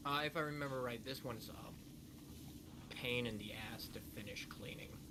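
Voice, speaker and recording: A man's voice: mid-range voice, moderate pace. A young man chatting casually while gaming, telling stories with wry, joking complaints. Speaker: co-player, friend of host. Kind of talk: casual chat while playing. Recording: audible background noise.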